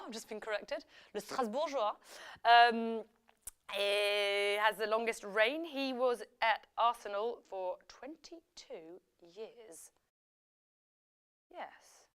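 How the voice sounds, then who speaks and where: Woman, live quiz host, chatty and upbeat, ad-libbing, slightly high voice, smooth and clear. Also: fairly bright tone. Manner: chatty, upbeat, ad-libbing with frequent fillers and self-corrections. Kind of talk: live quiz show hosting.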